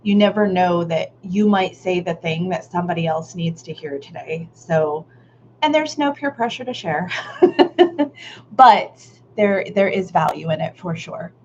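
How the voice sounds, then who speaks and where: A workshop facilitator with a lowish, animated voice speaks a little slowly as she leads a live online art workshop, reading participants' comments aloud. She's warm, affirming, and casual, says "y'all" in a Southern way, laughs often, and sometimes swears. The sound is slightly dull live-stream audio with faint noise.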